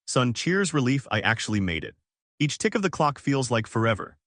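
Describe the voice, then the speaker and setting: A male narrator reads a first-person story in short, clipped fragments. His pitch swings a lot, and the recording is dry and close. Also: very animated, brisk, a bit bright, no room sound. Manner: clipped, fragmentary phrasing, dramatic.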